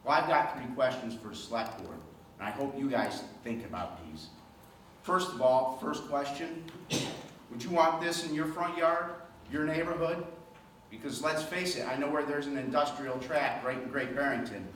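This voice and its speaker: A man's voice: mid-range voice, normal speed, fairly bright tone. A man making an emphatic, rhetorical public comment at a town meeting, posing pointed questions to the board. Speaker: resident speaking at public meeting. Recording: echoey hall from far off, noisy.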